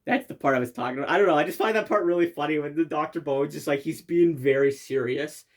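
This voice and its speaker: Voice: mid-range voice, fast. A creator giving casual commentary over their own comedy video, rambling, swearing casually and laughing often.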